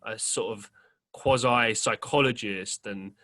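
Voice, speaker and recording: A man's voice: lowish voice, takes it slowly, bright, forceful tone. A young man hosting a podcast, telling a rambling story in casual chat, full of fillers and casual swearing. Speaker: podcast host.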